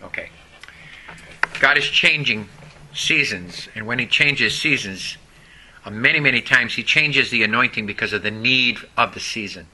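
A man preaching a sermon, slow and emphatic, repeating key words to his congregation. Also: medium pitch, bright, forceful tone, slight background noise, poor audio. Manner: preaching slowly with emphatic repetition. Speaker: pastor.

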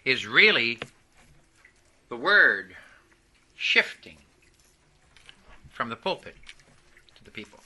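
A man's voice: medium pitch, big pitch swings, slow pace, pauses often, pushed and bright, rough recording. A man preaching a sermon to a congregation, speaking emphatically and calling out for their responses.

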